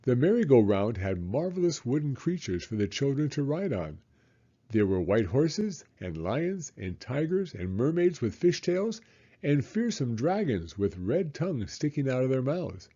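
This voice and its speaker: A man reading a children's storybook aloud in an expressive, dramatic way. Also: medium pitch, a little slow, slightly rough, lo-fi sound.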